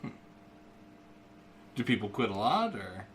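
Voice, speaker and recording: A man speaking as a player in a tabletop game, low-key and deliberate. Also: sing-song, fairly bright tone, slight background noise.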